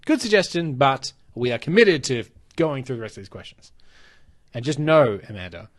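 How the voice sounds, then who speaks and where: A man's voice: medium pitch, normal speed. A man co-hosting a comedy podcast, reading listener questions and chatting casually with frequent laughs. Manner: relaxed, laughs often, reads listener questions. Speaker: podcast co-host. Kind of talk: casual chat.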